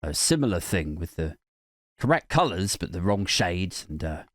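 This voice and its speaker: A man's voice: sing-song, moderate pace, dry recording. Sarcastic guy ranting on his podcast, voice jumps all over, dry close mic. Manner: sarcastic, rambling, swings between high mock outrage and low mutters. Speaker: podcast host. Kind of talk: satirical comedy monologue.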